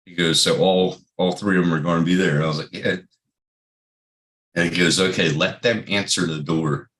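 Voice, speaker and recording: Deep-voiced profane storytelling father. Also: steady tone, moderate pace, fairly bright tone. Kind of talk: casual chat.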